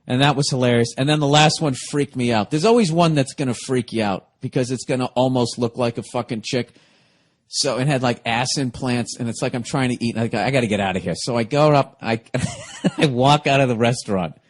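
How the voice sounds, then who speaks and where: A man's voice: mid-range voice, fairly even intonation, fairly quick. A middle-aged man, a comedian hosting his own podcast, telling a story in a casual, rambling monologue full of profanity.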